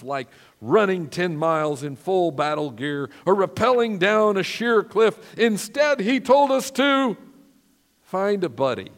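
A male pastor delivers an earnest, emphatic sermon and calls out to the congregation for responses. His voice sits somewhat high and carries a long reverb from a church sanctuary.

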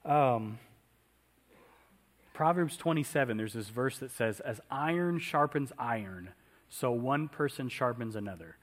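A man preaching a conversational sermon in a church, often asking the congregation questions. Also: medium pitch. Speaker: pastor.

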